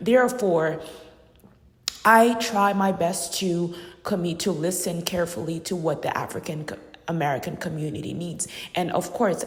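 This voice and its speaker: Emphatic woman in an echoey room. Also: on the low side. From Uganda. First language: not English. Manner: emphatic, repeats phrases for stress. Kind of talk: personal monologue. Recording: echoey room with long reverb.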